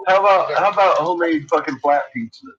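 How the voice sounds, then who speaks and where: A man's voice: a little high, quick pace, a crowd in the background. A man chatting casually and teasing at home, joking about dinner and the pets. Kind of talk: casual home video chat. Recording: roomy, distant, dull and noisy home video.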